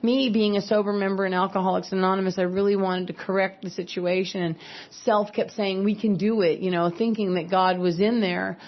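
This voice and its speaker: A woman's voice: medium pitch, fairly even intonation, brisk. A woman from California giving a personal recovery talk, earnest and candid with wry asides. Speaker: speaker at a recovery meeting. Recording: slightly dull lo-fi recording.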